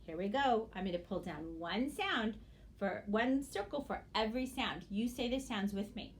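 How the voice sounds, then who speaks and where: A woman teacher giving a phonics lesson to young children, sounding out words slowly and praising often. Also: medium pitch, expressive, slight background noise. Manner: slow, exaggerated sounding-out of words; encouraging praise.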